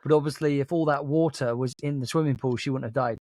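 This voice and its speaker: A man's voice: medium pitch, steady tone, quick pace, a little mellow, no echo. Man chiming in on a dry-sounding podcast. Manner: brief reactions and eager interjections. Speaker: podcast co-host. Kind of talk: casual chat.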